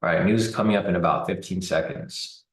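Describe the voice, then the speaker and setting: Low-voiced man commenting on live trading. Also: fairly quick, reverberant, rough recording. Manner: relaxed, thinking aloud with fillers. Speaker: trading streamer.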